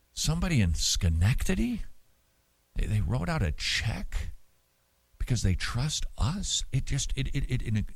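A man hosting a show, answering listener mail in casual talk, animated and emphatic with many restarts and repeated words. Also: medium pitch, creaky, dry recording. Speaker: radio show host.

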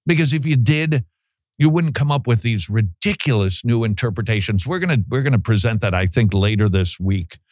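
A man's voice: medium pitch, lively intonation, brisk, darkish tone, dry recording. Male host, sarcastic commentary, mocking asides, dry close mic. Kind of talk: opinion talk show commentary.

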